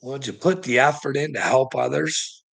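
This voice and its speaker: Gravelly, husky man in a profane rant. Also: mid-range voice, moderate pace, a bit bright. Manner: profane, swears constantly; stammers and restarts. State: weary. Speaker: vlogger. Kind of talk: ranting monologue to the camera.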